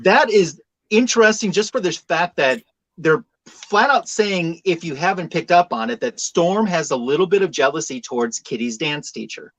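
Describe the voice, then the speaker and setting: A man's voice: a little high, animated, normal speed, fairly bright tone, rough recording. A man appearing as a guest on a casual comic book podcast, making dry joking asides.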